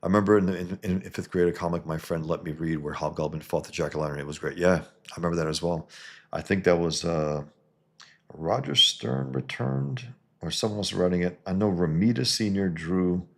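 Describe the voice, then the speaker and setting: A man's voice: deep voice, a little fast, gravelly. A man casually reviewing a comic on a live stream, rambling with many fillers and restarts.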